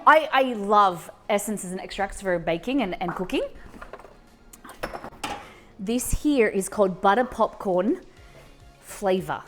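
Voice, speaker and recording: A woman hosts a live cooking stream from her home kitchen. She chats in a loose, rambling way, full of ums and restarts. Faint music plays underneath. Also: on the low side. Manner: chatty, rambling, with frequent fillers and restarts. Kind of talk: casual chat while cooking.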